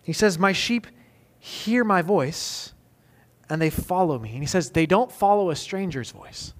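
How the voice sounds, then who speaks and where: A man, likely in his thirties, preaching a sermon as pastor, moving between emphatic loud peaks and soft, intimate questions. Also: sits high, lively intonation, unhurried.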